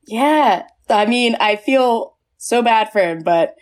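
A woman's voice: on the high side, animated, takes it slowly. A woman podcast host chatting casually about a movie, rambling with many fillers and restarts.

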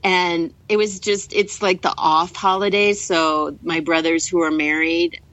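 A woman comedian chatting casually on a podcast, easygoing and quick to laugh. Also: fairly low pitch, level tone, a bit bright, no echo, highs cut off. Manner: slow, easygoing, laughs often. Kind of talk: casual chat.

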